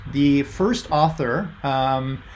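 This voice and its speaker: Speaking very slowly in a mid-range voice, a middle-aged man delivers an online university lecture by video call. He's casual and leans on fillers as he reads out answers students post in the chat, with slight background noise in the recording.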